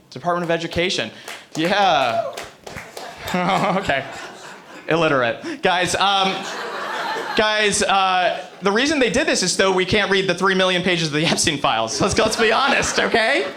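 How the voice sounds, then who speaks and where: Brash, bright-voiced American man doing stand-up. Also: sits high. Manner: brash, profane, rambling asides to the crowd. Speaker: stand-up comedian. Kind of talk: stand-up comedy set. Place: comedy club stage.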